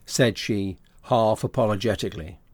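A man narrating a classic novel as an audiobook, with a steady, even storytelling delivery. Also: lowish voice, normal speed, no echo.

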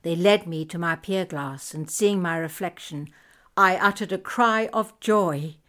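A woman reading a story told in letters aloud, expressive and measured. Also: fairly low pitch. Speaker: audiobook reader. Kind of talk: scripted narration of letters.

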